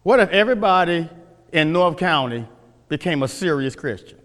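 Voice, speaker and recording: A man's voice: a little high, expressive, normal speed, a bit bright. A male pastor teaching a sermon from scripture, emphatic, repeating phrases and quizzing the congregation. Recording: long hall reverb.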